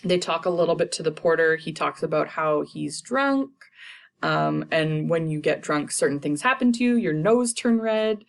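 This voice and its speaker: A woman's voice: sits low, animated, normal speed, gravelly. A young woman teacher casually summarizing a play for students, paraphrasing the characters in modern slang.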